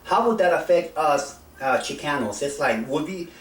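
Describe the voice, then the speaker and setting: A middle-aged vlogger from South Texas talks casually to the camera, rambling and hesitant, full of fillers and restarts. His voice sits on the high side and sounds animated at a normal speed. He's recorded from a distance, so the sound is roomy and set back from the mic.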